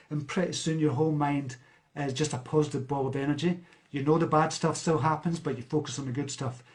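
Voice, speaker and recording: With a slightly high, darkish voice, a Scottish man from near a large city talks on a live stream as a self-help speaker. He reads viewer comments aloud and replies chattily, using fillers and restarting sentences.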